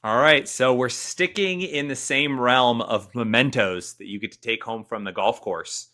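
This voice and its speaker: A man's voice: mid-range voice, measured pace, pushed and bright. A man co-hosting a golf podcast, laid-back in casual chat, with dry humor. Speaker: podcast co-host.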